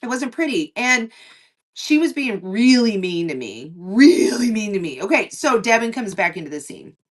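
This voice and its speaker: The woman is a livestream co-host chatting casually, recorded from a distance at a moderate pace. Her long story comes with plenty of swearing, and she animatedly voices what others said, going low for some lines and high for others.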